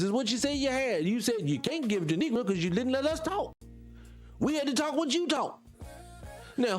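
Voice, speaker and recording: A man from North Carolina, hosting a casual livestream and answering viewer comments in a rambling, heated, emphatic way. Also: extremely high pitch. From North Carolina, USA. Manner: rambling, heated and emphatic, loses his train of thought. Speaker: livestream host.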